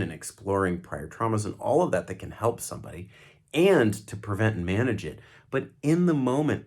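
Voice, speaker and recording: A middle-aged man with a slightly low voice talks to camera as an emergency doctor. He explains panic attacks calmly and plainly. When he models what to say, he turns quiet and slow. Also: breathy edge. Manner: calm, explanatory, slows and softens when modeling soothing speech. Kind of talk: educational talk to camera.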